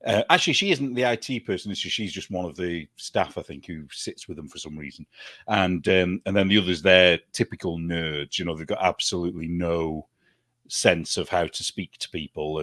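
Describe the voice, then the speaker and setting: A chatty British man talking as a show guest, easygoing and quick to laugh. His voice is deep and low, recorded close and dry with no room sound. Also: pushed and bright, no echo. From United Kingdom. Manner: chatty, laughs often, mimics accents. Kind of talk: casual chat.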